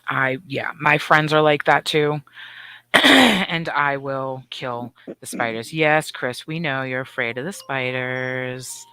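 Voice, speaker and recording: Bright, animated, profane woman co-host. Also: extremely low pitch, slow pace, clear, resonant tone, no room sound. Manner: animated, profane storytelling with voiced asides. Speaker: podcast co-host. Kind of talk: casual chat.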